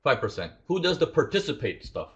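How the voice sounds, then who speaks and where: A man's voice: mid-range voice, sing-song, brisk, muffled recording. A man teaching a live trading lesson, asking his audience questions and acting out traders' inner thoughts. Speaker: trading instructor.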